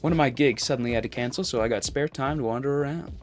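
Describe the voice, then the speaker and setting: A man's voice: medium pitch, quick pace, faint music behind, natural voice. A man voicing an easygoing ex-band singer. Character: laid-back male former band singer.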